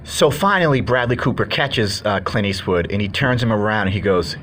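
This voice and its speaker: Low-voiced man rambling through a film review. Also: animated, normal speed, fairly bright tone, slight background noise. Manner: rambling, chatty retelling with fillers. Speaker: movie reviewer. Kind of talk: casual movie review.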